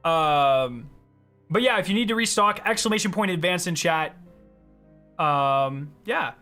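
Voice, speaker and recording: A young man streaming live, chatting casually and excitedly with his chat, reading their questions aloud and answering them. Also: fairly high pitch, measured pace, soft background music.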